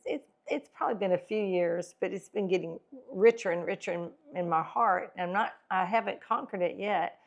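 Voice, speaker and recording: A middle-aged woman co-hosting a casual faith and wellness talk show, animated, acting out tones of voice and laughing often. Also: mid-range voice, vocal fry. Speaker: podcast co-host.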